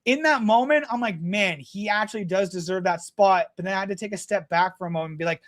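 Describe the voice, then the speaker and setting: A man talking as a podcast guest, telling stories in a blunt, animated way with plenty of swearing. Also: sits high, fast. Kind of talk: casual storytelling chat.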